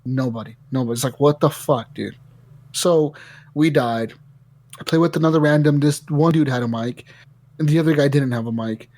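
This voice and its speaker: A man hosting a casual gaming podcast, telling stories in an animated way and swearing a lot. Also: mid-range voice, normal speed, no room sound. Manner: animated storytelling, heavy swearing. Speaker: podcast host.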